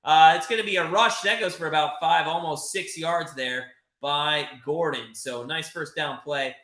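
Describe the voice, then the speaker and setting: Excitable man hosting a game watch party. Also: fairly high pitch, normal speed, roomy sound. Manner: excitable, chatty, swears, reads chat. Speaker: livestream host. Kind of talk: live watch-party commentary.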